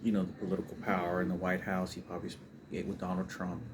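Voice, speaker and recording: Low-voiced man rambling through a family story. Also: monotone, fast. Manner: rambling, emotional, frequent restarts and fillers. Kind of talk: personal storytelling monologue. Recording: noisy background ambience.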